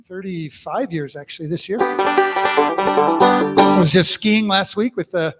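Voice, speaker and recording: A man's voice: sits high, slow. An older man hosting a living room concert from his home, chatting and telling jokes between songs in a folksy way. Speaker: musician and host of an online living room concert. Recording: long reverb with banjo music behind.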